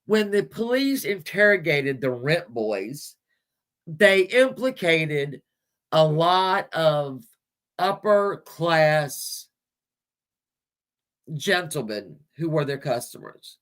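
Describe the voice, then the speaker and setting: A woman's voice: deep voice, very animated, takes it slowly, long pauses. A woman hosting a livestream, chatting casually about history with viewers, rambling and chuckling with crude asides. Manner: searching images on screen while talking. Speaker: livestream host. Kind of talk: casual history chat with live chat.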